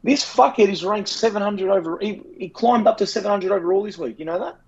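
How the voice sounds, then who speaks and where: An Australian man co-hosting a casual footy podcast, telling sweary, animated stories and mimicking his mates. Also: high voice, fast, slightly rough, muffled recording. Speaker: podcast co-host.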